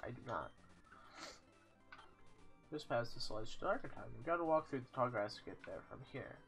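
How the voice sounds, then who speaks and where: A man narrates his video game session in a casual, joking way and reads the on-screen text aloud. His voice is bright and very animated, rising and falling constantly. Faint game music plays underneath. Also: medium pitch, moderate pace, creaky. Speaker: let's play host. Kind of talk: casual gameplay commentary.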